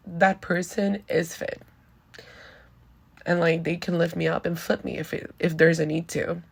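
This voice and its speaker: Candid woman host with a gravelly edge. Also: lowish voice, a bit bright. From Venezuela. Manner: candid and chatty, heavy use of "like". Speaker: podcast host. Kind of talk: casual personal monologue.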